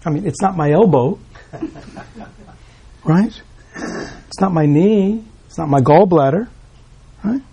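A man's voice: fairly high pitch, takes it slowly, pauses often, warm tone, breathy edge. A man giving a Buddhist dharma talk, asking rhetorical questions and tagging "right?" onto his points with small chuckles. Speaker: Buddhist teacher.

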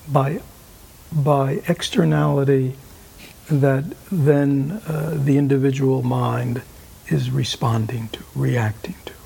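A man giving a meditation talk and answering questions, halting with many fillers and asking "right?" often, sometimes dropping to a whisper. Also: on the high side, gravelly, dark tone, breathy edge. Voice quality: often drops to an unvoiced whisper. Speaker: meditation teacher.

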